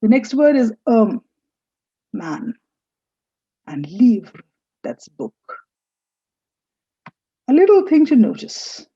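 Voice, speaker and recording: A woman teaching a French lesson, speaking slowly and patiently and repeating words for learners to copy. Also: a little high, sing-song, warm tone, husky, dry recording. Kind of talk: recorded language lesson. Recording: dull lo-fi dry recording.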